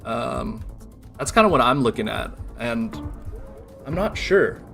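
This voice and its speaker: A man's voice: mid-range voice, sing-song, a little slow, vocal fry, sharp tone, faint music behind. A man giving tentative game analysis, thinking aloud with hesitations. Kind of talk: game commentary.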